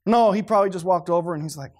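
Animated, fairly high-voiced male preacher. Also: very fast. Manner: animated, acting out scenes, swinging from low to shouting. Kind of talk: sermon.

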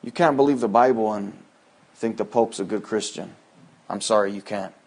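A pastor preaches at a moderate pace, alternating loud, high-pitched, emphatic lines with low, quiet asides.

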